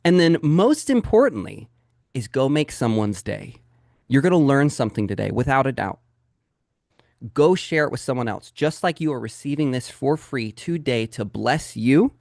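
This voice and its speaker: Casting a male sales coach hosting a webinar: punchy, direct-address delivery in a dry, close recording at mid pitch. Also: vocal fry, no echo. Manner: energetic and emphatic, talks straight to the audience. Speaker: real estate sales coach. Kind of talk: live training webinar.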